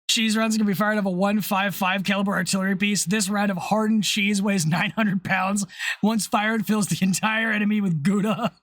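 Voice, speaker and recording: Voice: mid-range voice, fairly bright tone, no room sound, studio quality. A live streamer chatting casually while building LEGO, reacting to chat messages, laughing often and swearing freely.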